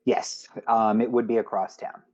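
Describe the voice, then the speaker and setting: A man running a tabletop game as game master, slow and hesitant with many fillers. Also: on the low side, level tone, a little mellow, lo-fi sound.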